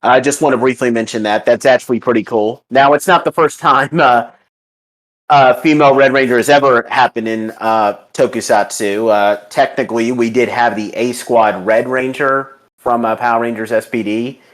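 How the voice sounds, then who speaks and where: A man's voice: medium pitch, steady tone, moderate pace. A man hosting a casual podcast review, rambling and enthusiastic with many fillers and restarts. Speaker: podcast host.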